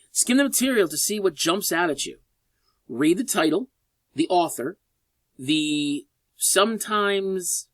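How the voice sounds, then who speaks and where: A man teaching a college English class in a recorded lecture, lively and chatty, with sarcastic joking asides. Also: a little high, no room sound.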